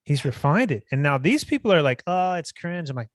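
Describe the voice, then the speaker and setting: A man's voice: fairly high pitch, sing-song, fairly quick, dry recording, clean studio sound. A man co-hosting a casual podcast, bantering in a laid-back way, joking and swearing. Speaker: podcast co-host. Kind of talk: casual chat.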